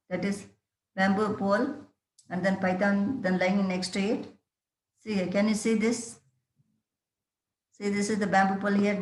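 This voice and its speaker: A woman teacher explains a story at an average pitch, stopping often with fillers and asking her students questions. The recording carries a roomy echo. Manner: halting, many fillers, rhetorical questions to students. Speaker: English teacher.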